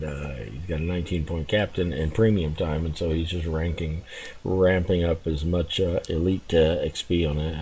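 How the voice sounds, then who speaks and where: A man giving relaxed, rambling commentary while playing a game, chuckling and restarting his thoughts as he goes. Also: low-pitched, slight background noise. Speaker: gameplay commentator. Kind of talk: casual gameplay commentary.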